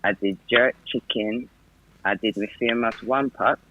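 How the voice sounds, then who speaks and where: A man co-hosting a casual live podcast, upbeat as he lists dishes and gives viewers shoutouts. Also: on the low side, steady tone, measured pace, narrow, tinny audio, a little hiss or hum. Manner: upbeat, listing food and giving shoutouts. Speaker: podcast co-host.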